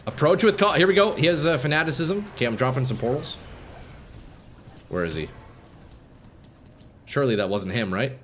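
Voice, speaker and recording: A man streaming live gameplay, commenting casually to his viewers and swinging from calm explanation to excited shouting. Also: medium pitch, normal speed, pauses often, slight background noise. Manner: casual, profane, addresses chat as boys.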